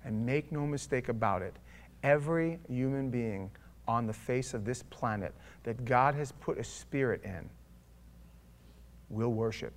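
A man preaching a sermon as pastor, conversational and wry, swinging between loud bursts and hushed asides. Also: mid-range voice, unhurried.

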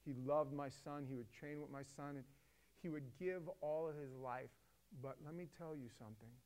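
A middle-aged man telling a story to a co-host with passion, swinging between loud emphatic bursts and hushed, quiet stretches. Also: on the high side, fairly even intonation, normal speed.

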